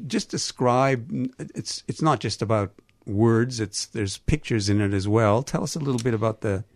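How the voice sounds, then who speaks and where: A man's voice: lowish voice, dry recording. A man with a Canadian accent, hosting a radio interview from a studio, who often stumbles and restarts. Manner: halting, stumbles over names. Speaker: radio host.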